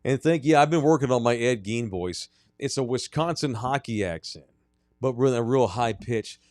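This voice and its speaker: A man hosting a sports podcast in casual chat, loud, joking and quick to exclaim. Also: medium pitch, no echo, studio quality. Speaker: podcast host.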